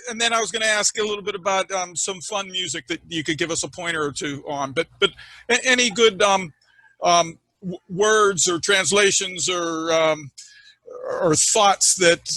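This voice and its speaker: A male interviewer with a high, bright voice asks long, halting questions. He pauses often on ums and restarts while he hunts for the right word. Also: dry recording, low-quality recording. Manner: halting, searching for words, many ums.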